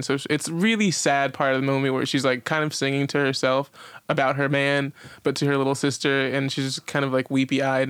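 Chatty man with a smooth voice. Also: medium pitch, a bit bright, no room sound. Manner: rambling storyteller, many fillers, cursing. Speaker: podcast co-host. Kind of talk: casual chat. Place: podcast recording setup.

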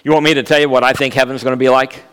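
A man in his fifties, a guest speaker, preaches in a church sanctuary in a medium-pitched, level, bright voice with a clear, resonant tone, talking at a racing pace. He's humorous, telling funny stories and joking with the congregation, and the recording has long church reverb.

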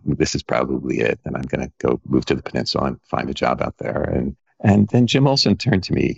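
Very deep gravelly husky man. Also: no echo, highs cut off. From Long Island, New York. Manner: reflective, earnest, halting restarts. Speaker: architect guest. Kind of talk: conversational interview.

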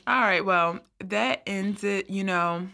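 A woman's voice: medium pitch, takes it slowly, creaky, sharp tone. Blunt, profane woman co-hosting a chat. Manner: blunt, profane, laughs often. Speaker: podcast co-host. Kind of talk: casual comedic chat.

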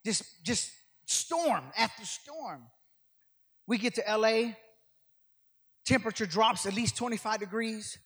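Older guy guest preaching, high bright voice, rambles then shouts, big echoey church. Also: a little slow, pauses often, breathy edge. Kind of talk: sermon. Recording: long hall reverb.

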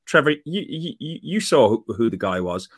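A man hosting a casual football podcast over a call, telling a rambling story full of ums and pauses. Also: mid-range voice, big pitch swings, slightly rough. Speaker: podcast host.

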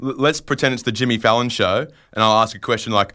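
A man hosting a radio show, teasing his guest in a deadpan joking way. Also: mid-range voice, fast. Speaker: radio host.

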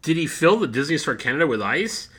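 Man, comedy podcast host, goofy eager banter, husky edge, very lively pitch. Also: fast talker. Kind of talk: comic in-character banter.

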